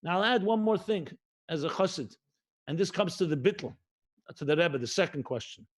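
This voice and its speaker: Middle-aged rabbi guy, high voice, preaching a livestream sermon, lots of repeating and slowing down on the big words. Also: expressive. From United States. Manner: emphatic, repetitive cadence, mixes Hebrew and Yiddish terms; slows and stretches key phrases.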